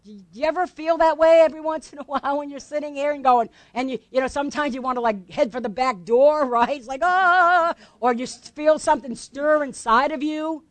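A woman pastor delivers her sermon in a relaxed, conversational way. She keeps turning questions back to the congregation. Her voice sits high, and the recording is close and dry. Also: a little fast, hardly any pauses, dry recording. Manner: conversational, asks the congregation questions, laughs lightly.

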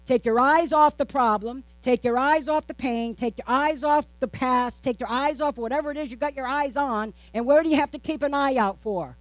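A woman pastor preaching a sermon, with a steady, repetitive preaching cadence, rhetorical questions and playful, self-teasing asides. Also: high-pitched, moderate pace, hardly any pauses, no echo.

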